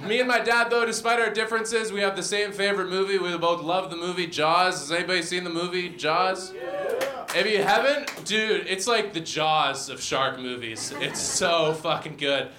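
A young man performing a stand-up comedy set with a deadpan, self-deprecating delivery. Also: high-pitched, moderate pace, slight background noise. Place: comedy venue with audience. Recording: roomy venue sound.

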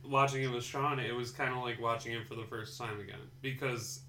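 Man, bright tone, echoey room, relaxed casual podcast chat. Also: mid-range voice, a little fast, slight background noise. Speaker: podcast co-host.

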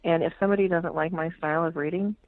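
A frank, plain-spoken woman tells stories as a guest on a radio talk show, swearing freely and slipping into the voices she quotes. Her voice sits at a middle pitch. It comes through a narrow, tinny band, like a phone line. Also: fairly even intonation, quick pace, no echo. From United States. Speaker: tarot reader, guest. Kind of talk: casual storytelling interview.

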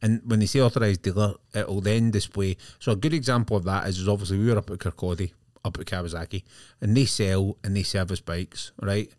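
A man's voice: lowish voice, steady tone, fairly quick, hardly any pauses, a little mellow, no room sound, clean studio sound. A man co-hosting a podcast, rambling in casual chat and often checking that he is understood. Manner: rambling, often adds "do you know what I mean". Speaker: podcast co-host.

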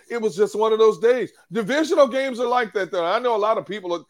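A male sports analyst with a slightly high-pitched voice, breaking down the game in an emphatic, opinionated way. He leans on key points as he walks through each play. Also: lively intonation, fast, dry recording.

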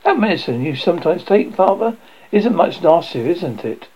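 A man's voice: high-pitched, very animated, moderate pace, warm tone, a little hiss or hum, rough recording. A man voicing an eager, earnest young girl in a storybook reading.

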